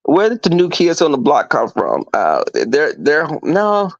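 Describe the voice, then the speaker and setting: The host's voice is on the high side, a bit slow and creaky, with no room sound. He's at home running a casual livestream, regaling viewers with animated, campy, profane tales. Audio is lo-fi, dull and dry.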